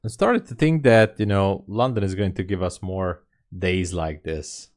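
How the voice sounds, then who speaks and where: A man's voice: deep voice, unhurried, darkish tone. A man giving live commentary while day trading, making wry, muttered remarks to himself about the chart. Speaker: day trader streaming live.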